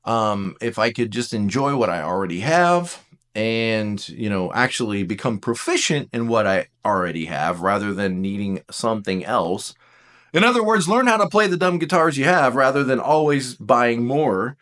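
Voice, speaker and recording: A man's voice: mid-range voice, moderate pace. A man teaching about personality types in a casual, self-deprecating way, acting out bits of conversation. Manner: animated, self-deprecating, acts out quotes. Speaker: Enneagram teacher.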